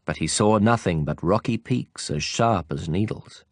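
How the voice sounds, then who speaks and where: A man narrating an audiobook, telling the story slowly and expressively. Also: low voice, no room sound. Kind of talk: scripted narration.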